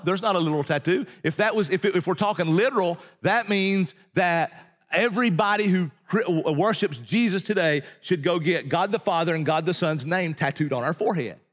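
A man's voice: high voice, in a large hall. A man preaching a sermon as pastor, conversational and emphatic, often asking his listeners rhetorical questions.

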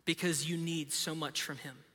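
Preacher, thirties, high crisp voice, chatty anecdotes, echo of a large church hall. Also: male voice, fairly even intonation, normal speed, sharp tone. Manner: conversational storytelling with self-deprecating humor. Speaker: pastor. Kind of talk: sermon. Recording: reverberant hall.

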